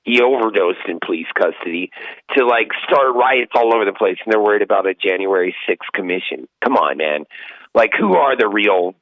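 A man's voice: fairly low pitch, lively intonation, fairly quick, no room sound. A male podcast co-host talking politics and exhorting listeners in a preachy way, on dull lo-fi audio. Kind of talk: casual political talk.

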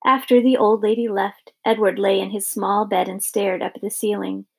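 A woman narrating an audiobook chapter in an even, steady storytelling voice. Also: mid-range voice, moderate pace, vocal fry, breathy edge. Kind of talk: scripted narration.

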